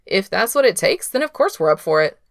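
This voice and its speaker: A woman voicing an eager young male disciple who speaks up loudly. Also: medium pitch, very animated, brisk, dry recording, clean studio sound, voice pushed up.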